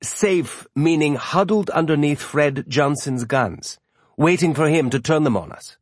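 A man voicing a blunt, weary male spaceship crewman who talks in short, gruff sentences. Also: a little high, a little slow, no echo, clean studio sound, pitched above the performer's own voice.

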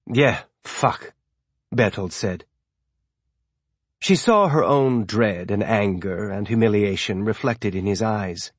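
A man reading a novel aloud as audiobook narrator, in a steady storytelling manner. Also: on the low side, unhurried, no room sound, studio quality. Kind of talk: scripted narration.

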